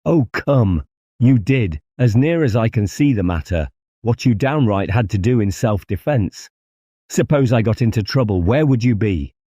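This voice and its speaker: A man voicing a cold, scheming male doctor who talks calmly and persuasively. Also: a bass voice, no room sound, clean studio sound. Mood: insistent. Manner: calm, measured, coaxing.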